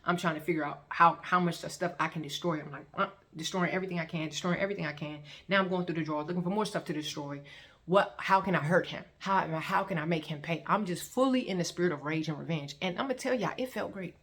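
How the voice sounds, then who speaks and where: A woman. She tells it in an animated, repetitive way, acting out what people said. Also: on the low side, fast. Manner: animated storytelling with repeated phrases and acted-out quotes. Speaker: testimony vlogger. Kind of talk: emotional personal testimony.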